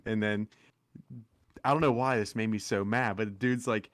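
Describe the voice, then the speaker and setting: A young man co-hosting a podcast, telling a rambling, animated story in casual chat. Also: fairly low pitch, moderate pace, no room sound. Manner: rambling, animated anecdote with acted quotes. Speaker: podcast co-host.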